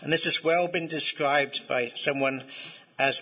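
Male pastor, conversational sermon delivery, very bright tone with a breathy edge. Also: a little high, fairly even intonation, unhurried, low-quality recording. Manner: conversational, asks the congregation to respond.

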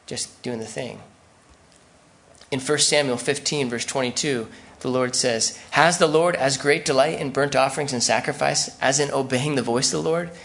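Man, pastor, sermon, gravelly voice, conversational preaching. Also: medium pitch, a bit bright.

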